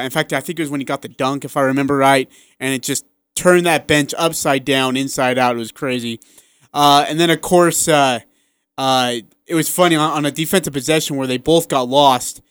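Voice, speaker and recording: A man co-hosting a sports radio show, talking in a casual, excitable way and acting out what people said. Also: a little high, dry recording. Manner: excitable, animated storyteller who acts out quotes.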